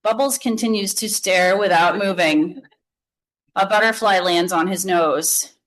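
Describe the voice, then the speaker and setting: A woman's voice: mid-range voice, measured pace, a bit bright, poor audio. Woman reading a children's book aloud. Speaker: author reading.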